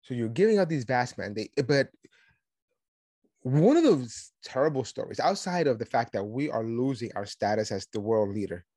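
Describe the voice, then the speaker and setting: A man delivers a heated political monologue, animated and sarcastic, slipping into mocking tones. His voice sits in a middle register. The recording is dry and close, with no room sound. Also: mid-range voice, moderate pace, no room sound. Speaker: podcast host.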